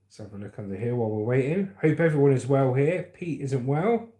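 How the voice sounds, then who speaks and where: A man's voice: mid-range voice, lively intonation, fairly quick, warm tone. A middle-aged man, hosting a casual livestream and chatting loosely while reading out viewer comments. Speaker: livestream host.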